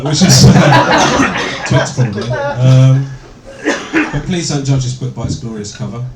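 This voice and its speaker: A man doing a stand-up comedy set, deadpan and sardonic, with plenty of swearing. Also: on the high side. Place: small comedy venue, indoors, with audience. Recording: echoey room, distant, loud noise. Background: audience laughter.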